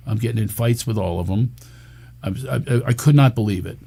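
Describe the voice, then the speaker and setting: Jokey, animated male comedian guest. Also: lowish voice, gravelly. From Philadelphia area. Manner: rapid jokey riffing, animated storytelling. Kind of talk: casual talk radio chat.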